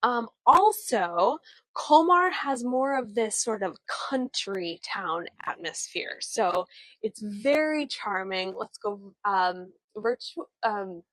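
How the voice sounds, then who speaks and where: Slow-talking chatty woman tour guide. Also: medium pitch, animated, fairly bright tone, no echo, low-quality recording. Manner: chatty, friendly, many fillers and restarts; laughs often at herself. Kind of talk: live virtual walking tour. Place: outdoors on town streets.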